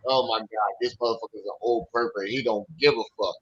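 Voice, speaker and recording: A man's voice: medium pitch, fairly even intonation, fast talker, lo-fi sound, noisy background. A man hosting a livestream, telling profane stories in casual chat and acting out what other people said. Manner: profane, storytelling, acts out quotes. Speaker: livestream host.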